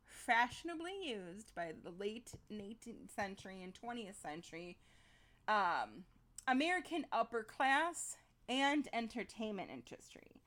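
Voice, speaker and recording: A woman co-hosting a podcast, chatting casually and presenting a topic in an animated way. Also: medium pitch, unhurried. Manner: animated, laughs easily. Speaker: podcast co-host.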